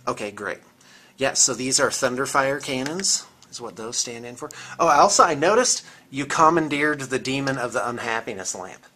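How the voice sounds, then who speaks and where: A man's voice: medium pitch, animated, normal speed, pushed and bright, slight background noise. A man hosting a casual tour of a painting studio, chatty and teasing, filmed on a handheld camera. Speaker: host of a painting studio channel. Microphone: handheld camera mic.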